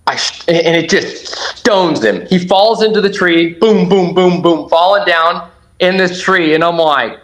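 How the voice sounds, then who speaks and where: A man guesting on a podcast, telling a hunting story with excited, animated energy and acting out his own shouts. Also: sits high, unhurried, low-quality recording. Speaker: podcast guest, duck hunter.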